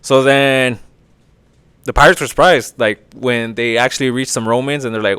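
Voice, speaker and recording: A man's voice: mid-range voice, moderate pace, fairly bright tone, smooth, no echo. A man hosting a podcast, casually retelling a story in a rambling, profane way. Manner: profane, rambling, lots of filler. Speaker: podcast host.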